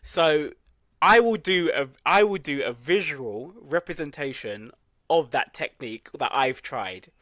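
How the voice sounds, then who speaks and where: A man, co-hosting a casual podcast chat as an animated storyteller who laughs at himself. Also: fairly high pitch, unhurried, dry recording. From England. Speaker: podcast co-host.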